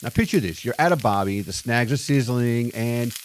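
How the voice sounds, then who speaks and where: A man's voice: medium pitch, lively intonation, normal speed, slight background noise. A man with an Australian accent, hosting his vlog in upbeat, slang-filled scripted narration. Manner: upbeat and chatty, full of slang. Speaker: expat vlogger host. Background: background music.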